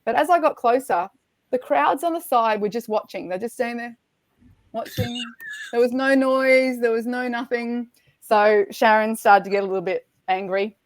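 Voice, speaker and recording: A middle-aged woman, a podcast guest, telling a race story in a lively, animated way and acting out the quotes. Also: fairly high pitch, normal speed, no room sound. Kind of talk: storytelling in casual chat.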